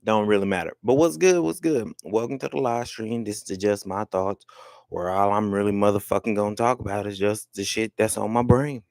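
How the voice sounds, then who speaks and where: A man's voice: lowish voice, steady tone, a little fast, no echo. A young man hosting his own live stream, talking loosely and joking with plenty of swearing. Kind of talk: casual livestream talk. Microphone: headphones with mic.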